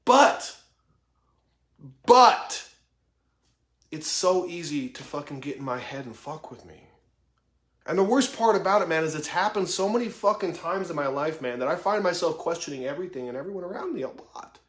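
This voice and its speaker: A man's voice: fairly high pitch, lively intonation, moderate pace, a bit bright, roomy sound. A man in his thirties giving an impassioned motivational monologue, swearing heavily in a raw, emphatic way. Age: 30s. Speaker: vlogger.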